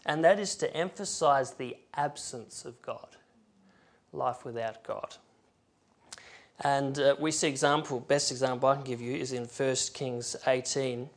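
A man's voice: medium pitch, unhurried. Emphatic male preacher. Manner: emphatic, rising and falling loudness, reads scripture aloud. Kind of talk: sermon.

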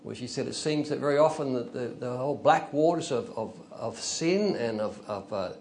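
A man's voice: mid-range voice, expressive, moderate pace, a little mellow, slight background noise. An older man preaching an informal, conversational sermon, telling stories and rising into emphatic bursts. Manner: conversational, storytelling, chuckles, rises to emphatic bursts.

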